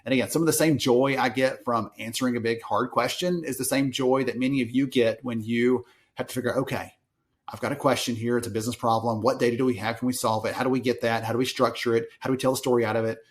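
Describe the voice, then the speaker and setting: A man's voice: medium pitch, fast. A man from Alabama with a Southern accent, a podcast guest chatting casually and acting out quoted voices as he tells stories. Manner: animated storyteller, acts out quoted voices. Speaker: podcast guest, research analyst. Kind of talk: casual interview chat.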